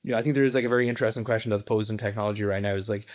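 Irish guy in his 20s, quick rambly talk full of "like"s, kinda low voice. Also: fairly even intonation, a little mellow. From Ireland. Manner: rambling, heavy filler words. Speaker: guest. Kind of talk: casual conversation.

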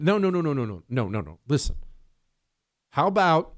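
A male talk radio host with a slightly high voice, recorded dry and close. He hammers home his points by repeating them. He breaks off to tease his co-host. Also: sing-song, normal speed, no echo. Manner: joking asides, teasing a co-host; emphatic, repeats key phrases.

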